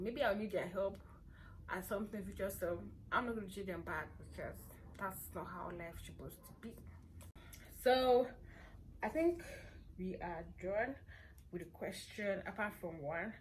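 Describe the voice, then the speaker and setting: A young woman with a Nigerian accent chatting playfully to camera as a vlogger, hoarse from a cold and sore throat. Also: medium pitch, a little hiss or hum. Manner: chatty, playful and self-assured. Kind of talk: casual chat to camera.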